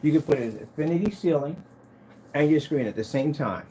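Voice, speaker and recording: A man showing off his business's screen paint in a casual vlog, talking in an excitable, rambling, hyped-up way. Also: a little high, a little fast, a little hiss or hum. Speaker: screen paint business owner demonstrating products. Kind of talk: casual product demo vlog with storytelling.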